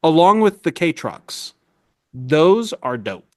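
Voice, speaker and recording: Guy with a higher voice roasting his buddies on a podcast, lots of pitch swing. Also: very animated, takes it slowly. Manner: teasing, sarcastic. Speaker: podcast co-host. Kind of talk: casual banter among friends.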